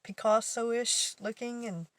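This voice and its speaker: A woman's voice: on the high side, fairly even intonation, takes it slowly, no echo. A woman vlogger casually telling a story, rambling and correcting herself as she goes, laughing often.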